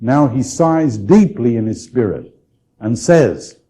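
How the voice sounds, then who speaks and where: A man, a bishop, giving a conversational Bible study lecture, unhurried, often restarting phrases and checking in with his listeners. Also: medium pitch, animated, mellow, low-quality recording. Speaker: bishop teaching scripture.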